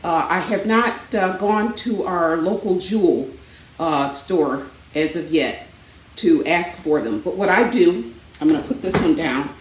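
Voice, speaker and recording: A woman talks to her viewers from her home, a little out of breath, rambling with plenty of ums and uhs. Her voice sits slightly low. The room is echoey, with a faint hum behind her. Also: expressive, unhurried. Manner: chatty, rambling, many fillers. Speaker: vlogger. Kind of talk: casual chat. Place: home, indoors.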